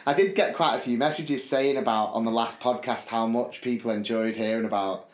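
A man's voice: mid-range voice, fairly quick, reverberant. A man co-hosting a podcast, telling a story in casual chat and acting out the people in it. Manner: animated, quotes friends in put-on voices, laughs often. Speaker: podcast co-host.

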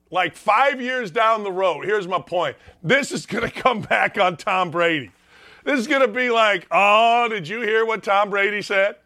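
A man hosting a sports talk show, delivering a fired-up, emphatic rant that keeps repeating its points and bursts into shouts. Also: very high voice. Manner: emphatic, ranting, repeats himself, swings into shouts. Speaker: sports radio host.

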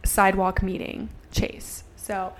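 A young woman in her twenties co-hosts a podcast, telling a story in casual chat packed with fillers and acted-out dialogue that includes swearing. Her medium-pitched voice is slow and completely flat.

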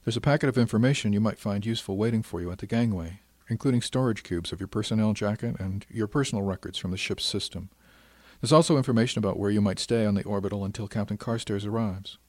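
A calm, kindly woman commanding a starship, gentle yet brisk and businesslike, as a male narrator puts her on. The voice sits low and sounds dry and close. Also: dry recording, natural voice. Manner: gentle, brisk and matter-of-fact.

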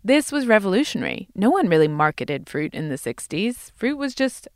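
Measured woman reading narration. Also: mid-range voice, sing-song, no room sound, clean studio sound. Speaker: podcast co-host. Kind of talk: scripted narration.

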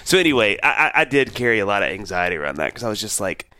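Low-voiced animated man chatting. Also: very fast, no room sound, studio quality. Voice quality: animated, rambling with restarts. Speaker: podcast co-host. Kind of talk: casual chat.

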